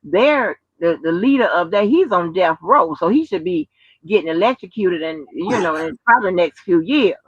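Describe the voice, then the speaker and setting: A woman's voice: lowish voice, animated, moderate pace, dry recording, lo-fi sound. A woman chatting casually and bluntly on a livestream, full of slang and swearing. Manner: brash, slangy, swears freely. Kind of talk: casual chat.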